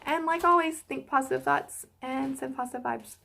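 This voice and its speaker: A young woman chatting casually to her viewers, gushing and excitable, with lots of fillers. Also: high-pitched, normal speed, gravelly. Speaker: YouTuber reacting to a film series. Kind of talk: casual chat to camera.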